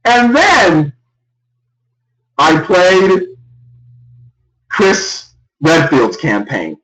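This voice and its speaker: Young man ranting loudly on a live stream. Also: huge pitch swings, drawn-out words. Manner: loud, exasperated ranting with big pitch swings. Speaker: gaming streamer. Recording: echoey room, far from the mic.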